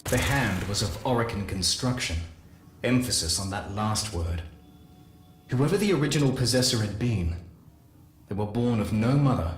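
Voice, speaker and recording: A man giving a dramatic first-person lore reading, measured and solemn, with slow deliberate pauses. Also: fairly low pitch. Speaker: lore narrator. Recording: roomy echo with faint hiss.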